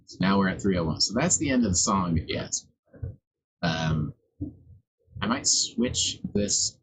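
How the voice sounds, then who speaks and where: Husky-voiced male streamer, casual and rambling, a little profane. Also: on the low side, rough recording. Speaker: livestreamer making music. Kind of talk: casual live-stream chat.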